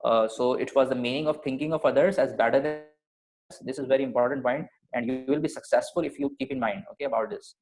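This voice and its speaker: A man as a patient teacher giving an online class, voice sitting at an ordinary middle pitch. He explains step by step, pausing on fillers and checking understanding with frequent okays. It sounds like a video call. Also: low-quality recording.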